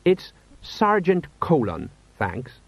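A man voicing a slow-witted, worried middle-aged sergeant who rambles in a homely way. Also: on the high side, wildly swooping pitch, no echo, voice pushed up, exaggerated voice. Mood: uneasy. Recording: dull, slightly lo-fi.

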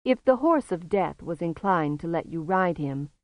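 A woman narrating an audiobook in a calm, measured way. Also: fairly low pitch, no echo, lo-fi sound.

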